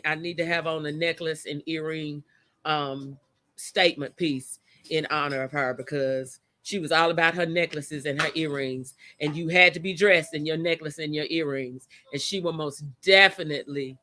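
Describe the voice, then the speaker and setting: A woman hosts a casual livestream chat from outdoors, chatty and openly emotional. She greets her viewers by name in a bright, forceful voice. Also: low voice, fairly even intonation, moderate pace. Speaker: host of a live chat show. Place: outdoors by a motion-sensor light.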